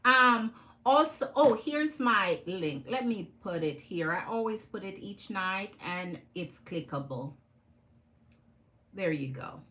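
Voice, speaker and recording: A woman's voice: medium pitch, lively intonation, slow, bright, forceful tone, low-quality recording. A woman with a Jamaican accent hosting a live tarot stream, chatting with her viewers and greeting them by name.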